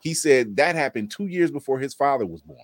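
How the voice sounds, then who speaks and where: A man hosting a podcast in casual chat, animated and laughing often. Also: medium pitch, fairly quick, no room sound. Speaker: podcast host.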